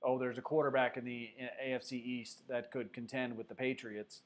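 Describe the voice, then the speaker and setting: A man's voice: medium pitch, little pitch movement, moderate pace. A man hosting a casual sports livestream, reading viewer comments aloud and chatting loosely, with plenty of fillers. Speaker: sports show host. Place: Denver.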